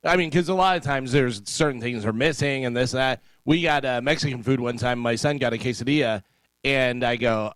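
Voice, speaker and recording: A radio co-host with a smooth, clear voice chats easily in studio banter. He speaks in a matter-of-fact way, at a mid pitch. The sound is dry and close. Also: fairly quick, fairly bright tone, dry recording, rough recording.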